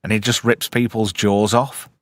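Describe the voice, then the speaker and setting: A man's voice: lowish voice, moderate pace, no echo, clean studio sound. A man hosting a casual chat, jokey and swearing freely. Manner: animated, swearing, jokey banter. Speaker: host.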